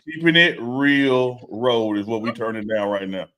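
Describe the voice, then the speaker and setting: A man's voice: medium pitch, lively intonation, a little slow, sharp tone, a little hiss or hum. A man co-hosting a casual sports talk show, teasing his partner in laid-back banter. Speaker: co-host.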